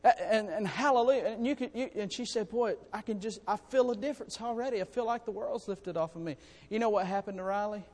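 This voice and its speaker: A man preaching a sermon to his congregation, in a folksy, animated way with calls for amens. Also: sits high, quick pace, few pauses. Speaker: pastor. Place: church sanctuary. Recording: long reverb in a church hall.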